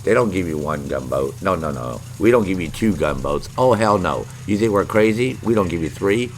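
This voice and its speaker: A man's voice: low-pitched, expressive, moderate pace, few pauses, a little hiss or hum. A middle-aged man streaming a video game, joking and swearing as he banters with his chat. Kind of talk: live gameplay commentary.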